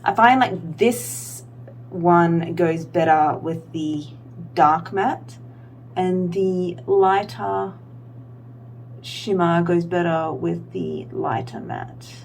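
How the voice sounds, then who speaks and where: Young woman doing a makeup vlog, low-ish gravelly voice, rambly and chatty, little hum behind. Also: darkish tone. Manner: rambling, filler-heavy, self-deprecating. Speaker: beauty vlogger. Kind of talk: casual makeup tutorial chat.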